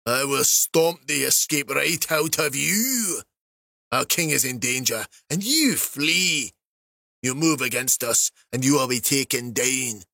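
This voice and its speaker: A man voicing a cruel, whip-wielding male dwarf slave master in a storybook, delivering harsh threats slowly. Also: mid-range voice, animated, creaky, bright, forceful tone, no echo, clean studio sound, heavily acted. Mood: threatening.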